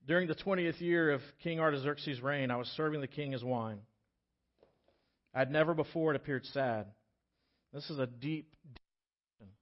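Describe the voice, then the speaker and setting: A man preaching a sermon as pastor, acting out voices from the scripture story in an animated way. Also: on the high side, moderate pace, pauses often, lo-fi sound. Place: church sanctuary.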